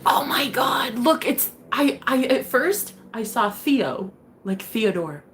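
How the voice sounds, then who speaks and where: A woman's voice: on the high side, expressive, slow, a bit bright, a little hiss or hum. A young woman hosting a tarot live stream, chatting casually and bubbly with her viewers, swearing freely and laughing often. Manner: bubbly, profane, laughs often, talks to chat.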